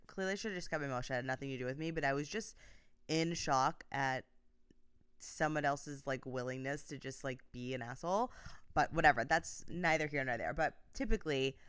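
A woman's voice: low-pitched, brisk, a bit bright, smooth, no echo, studio quality. Upbeat chatty woman podcast host. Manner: chatty and upbeat, many "like" fillers. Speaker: podcast host, life coach. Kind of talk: casual solo podcast talk.

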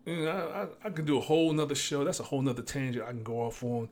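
A man's voice: medium pitch, steady tone, fast, a little mellow. Male host, solo rant, casual and crude, mid-range voice. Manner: blunt, profane, ranting. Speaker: show host. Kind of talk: casual monologue.

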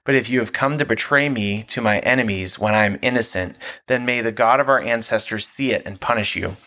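A man voicing a cautious, firm young warrior leader, speaking in a measured, earnest way. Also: lowish voice, bright, forceful tone.

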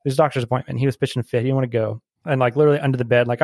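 A brewery employee in his thirties, guesting on a podcast, tells stories in a loose, animated style, laughing a lot and filling pauses with "um" and "like". His medium-pitched voice moves very fast, recorded dry in clean studio sound.

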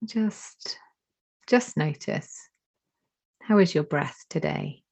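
A woman leading a guided meditation, giving slow, soothing instructions with long pauses between phrases. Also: sits low, gravelly, a little mellow, breathy edge. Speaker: meditation teacher. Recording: dull lo-fi recording.

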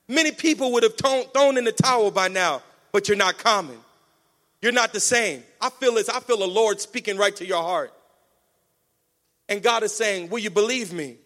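A man preaching a sermon with energetic call-and-response, urging the congregation to answer back. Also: extremely high pitch. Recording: long hall reverb.

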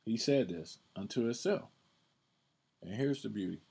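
A man with a deep, low-pitched voice and a husky edge explains scripture on his podcast. He speaks casually and conversationally, circling back on his words and leaning into the verses he reads aloud. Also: animated, a little slow, a little mellow. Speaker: podcast Bible teacher.

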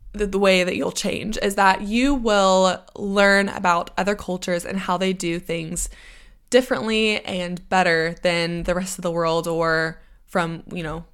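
A young woman with an American accent talks on her own in a loose, chatty way, wandering into side notes. Her pitch sits in a middle register, neither high nor low. It sounds like a casual solo podcast episode. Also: fairly bright tone, clear, resonant tone. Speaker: podcast host.

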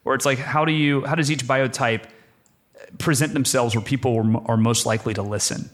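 A man's voice: medium pitch, fairly even intonation, brisk. A man co-hosting a podcast, asking curious, rambling questions full of fillers. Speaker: podcast co-host. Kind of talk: casual podcast chat.

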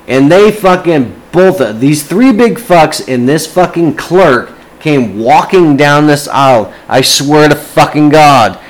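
A man's voice: medium pitch, poor audio. A man ranting casually to camera, agitated and swearing constantly.

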